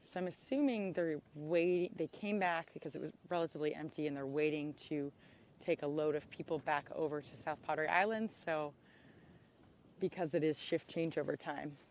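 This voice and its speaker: A woman hosting an outdoor livestream, talking excitedly into a handheld camera by a public road. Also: sits low, normal speed, slight background noise. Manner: excitable, exclaims often. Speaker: livestream host.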